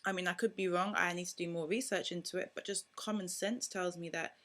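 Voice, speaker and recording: A young woman, a mother vlogging to camera in casual, outspoken and animated talk. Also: lowish voice, a little fast. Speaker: parenting vlogger.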